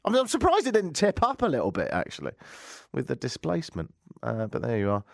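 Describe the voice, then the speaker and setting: A man's voice: mid-range voice, wildly swooping pitch, fairly quick, creaky, dry recording, studio quality. A man hosting a radio show, giving casual commentary with wry, rambling jokes and asides. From England. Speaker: radio host.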